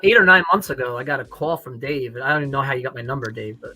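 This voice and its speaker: A man's voice: mid-range voice, very fast, loud music behind the voice, low-quality recording. A man from New York, a former student, talking casually on a video call in a rambling way. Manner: rambling, many fillers and restarts.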